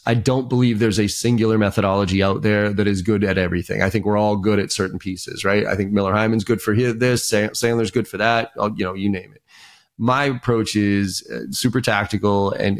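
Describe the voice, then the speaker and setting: A man's voice: on the low side, fairly quick, creaky. A man, a sales trainer, talking as a guest in a casual podcast interview and telling stories with energy. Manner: animated storyteller, many fillers and restarts.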